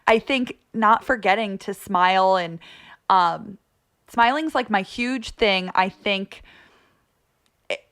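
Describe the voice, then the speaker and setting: A woman's voice: mid-range voice, takes it slowly, pauses often, a bit bright, smooth. A young woman, a sports broadcaster, chatting casually as a podcast guest in an upbeat, talkative way, laughing easily.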